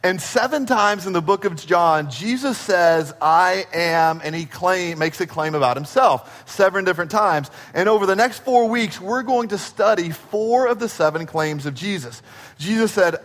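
High-voiced man preaching in a reverberant hall. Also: normal speed. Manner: storytelling, acts out dialogue with shifts in pace and loudness. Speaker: pastor. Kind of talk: sermon.

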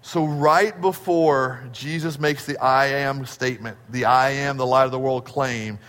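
A man's voice: mid-range voice, steady tone, measured pace, a bit bright. A man preaching a sermon in a church, building to moments of urgency. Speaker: pastor. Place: church sanctuary. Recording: long hall reverb.

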